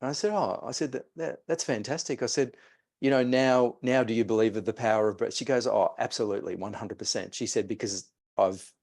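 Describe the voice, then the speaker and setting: A man's voice: medium pitch, brisk, creaky, darkish tone. A man, a mindset coach telling a client story and guiding a breathing exercise. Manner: storytelling, re-enacts conversations.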